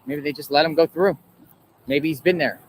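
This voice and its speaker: A man's voice: a little high, steady tone, moderate pace, noisy background. Man streaming outdoors from a phone. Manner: chatty, narrates what he sees. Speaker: field livestreamer. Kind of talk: on-location live reporting. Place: outdoors on the street.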